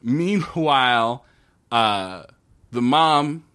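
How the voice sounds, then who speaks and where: A man co-hosting a casual podcast, retelling a TV episode with lively storytelling and swearing. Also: mid-range voice, drawn-out words, clean tone. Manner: animated storytelling, quoting characters in shifting voices, swearing. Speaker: podcast co-host recapping a TV episode. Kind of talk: casual chat.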